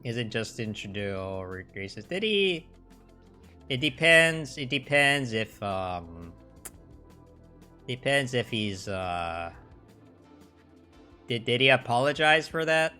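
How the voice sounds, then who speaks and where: A man's voice: mid-range voice, sing-song, slow, long pauses, bright, forceful tone, clear, resonant tone, faint music behind. A man hosting a casual livestream, rambling with many restarts, swearing and mocking in sarcastic quotes. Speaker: livestream host.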